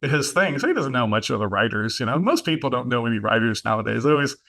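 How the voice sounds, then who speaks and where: A man's voice: mid-range voice, expressive, fast talker, vocal fry, sharp tone. A man hosting a podcast, talking casually and rambling a little, with plenty of fillers and false starts. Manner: rambling, with many fillers and restarts. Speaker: podcast host.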